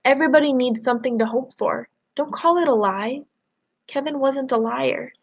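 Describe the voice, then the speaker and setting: A woman reading a novel aloud, voicing a kind, tired female doctor in a soft, calm, reassuring way. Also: sits high, moderate pace, vocal fry. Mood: gentle.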